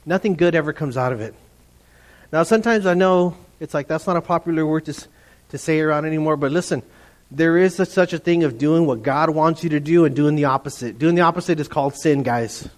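A middle-aged man preaching a lively sermon to his congregation, animated and playful, often mimicking voices. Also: a little high, brisk. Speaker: pastor.

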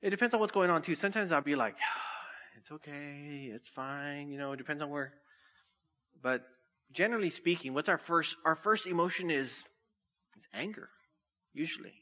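Male pastor, 40s, bright tone; chatty sermon with self-mocking humor. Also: on the high side, lively intonation, normal speed, pauses often. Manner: jokey and conversational, laughing at himself.

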